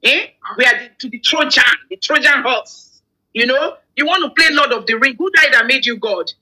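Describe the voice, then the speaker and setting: A Nigerian woman with a high, very bright voice talks in a heated opinion chat. She fires off indignant rhetorical questions and repeats her points for emphasis. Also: fairly quick, husky, low-quality recording.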